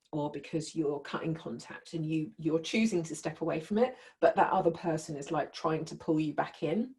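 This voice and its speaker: Woman running a workshop, low mellow voice, chatty, keeps asking the room questions. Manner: conversational, checks in with listeners. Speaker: workshop leader. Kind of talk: teaching a live group.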